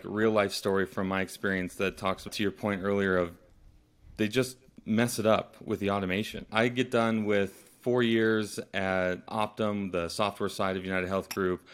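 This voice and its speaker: A man hosting a casual podcast, telling a personal story in a lively way. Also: fairly low pitch. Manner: lively storyteller who acts out past dialogue. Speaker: podcast host.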